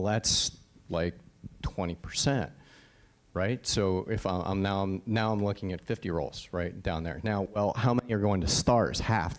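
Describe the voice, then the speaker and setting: A man's voice: sits low, a little mellow. A man from Connecticut, a voice actor on a panel, telling stories in a blunt, emphatic way, swearing now and then and often asking "right?". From Connecticut, USA. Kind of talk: casual panel storytelling.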